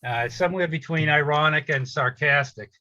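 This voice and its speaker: A man's voice: on the high side, fairly quick, pushed and bright, no echo, low-quality recording. A musician chatting casually over a video call, introducing his song in a rambling way with lots of ums and uhs. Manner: rambling, filler-heavy. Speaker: musician performer. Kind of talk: casual chat.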